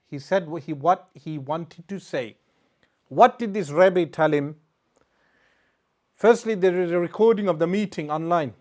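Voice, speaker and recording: A man, an Islamic scholar, giving a religious lecture to a live audience and recounting a story with emphatic delivery and rhetorical questions. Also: fairly high pitch.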